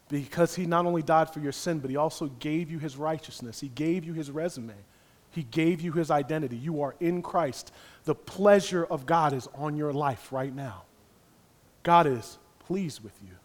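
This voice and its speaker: A man preaching a sermon in repeated rhythmic phrases, swinging from hushed near-whispers to loud impassioned cries. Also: on the high side. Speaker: pastor.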